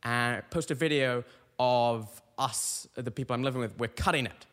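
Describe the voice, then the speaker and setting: A man's voice: mid-range voice, moderate pace. A young man in his twenties hosting a podcast, telling a casual, rambling story with lots of restarts. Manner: animated, rambling with frequent restarts. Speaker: podcast host. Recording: long reverberant echo.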